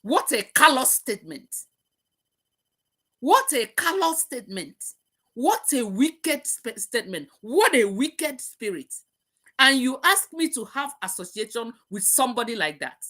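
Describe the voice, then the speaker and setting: A woman's voice: on the high side, big pitch swings, a little slow, a bit bright. A middle-aged woman hosting a live talk, speaking passionately and repeating herself as she preaches. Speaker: host. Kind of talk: emotional live-stream talk.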